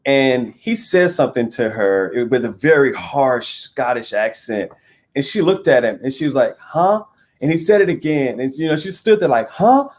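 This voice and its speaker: A man's voice: medium pitch, animated, normal speed. Interview guest, American man, candid and chatty, stumbles over his words. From United States. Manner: stammering restarts, candid and chatty. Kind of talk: casual interview chat.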